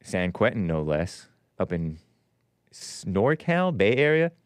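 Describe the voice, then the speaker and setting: A man's voice: low voice, sing-song, slow pace, clean tone, no room sound. A man hosting a call-in talk show, rambling and combative, laughing at his own jokes.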